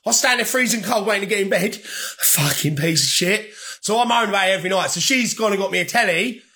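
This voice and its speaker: A young man talks casually to his viewers, rambling, swearing freely and laughing as he goes. His voice sits high for a man and has a bright, forceful edge. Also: fairly quick. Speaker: vlogger.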